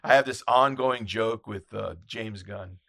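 A man who photographs red carpets, telling anecdotes in casual chat and acting out quotes in loud, high voices. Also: unhurried, gravelly, no echo, studio quality.

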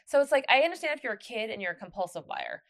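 A woman's voice: on the high side, sing-song, very fast, fairly bright tone. A woman co-hosting a podcast, talking in a loose, rambling way with many restarts. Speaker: podcast co-host. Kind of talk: casual chat.

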